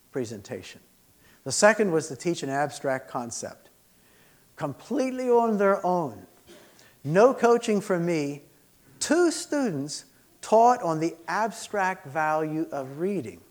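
A man teaching a session for pastors, earnestly presenting and reading aloud a student essay. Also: fairly high pitch. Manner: earnest, measured, expressive reading.

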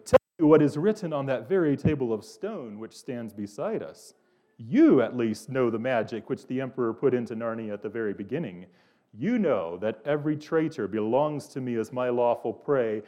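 A man's voice: mellow, close to an everyday voice. A man reading as a cruel demanding witch queen. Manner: insistent, rising to shrill threats. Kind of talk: reading aloud in a sermon.

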